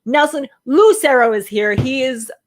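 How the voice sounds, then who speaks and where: Playful higher-pitched woman reading chat. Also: animated, a little slow. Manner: playful, teasing, reads chat comments aloud. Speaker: livestream co-host. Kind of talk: casual livestream chat.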